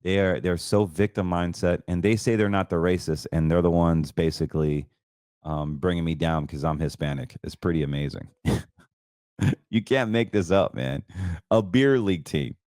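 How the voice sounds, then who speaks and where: A man's voice: sits low, moderate pace, darkish tone, dry recording, studio quality. A middle-aged man from North Carolina with a Southern American accent, hosting a casual monologue and ranting bluntly about his critics. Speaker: host.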